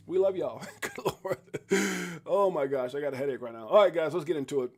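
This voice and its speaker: High-voiced chatty man hosting a live stream. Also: brisk. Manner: rambling, chatty, laughs often, sudden loud excited outbursts. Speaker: crypto livestream host. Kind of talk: casual live-stream chat and market rundown.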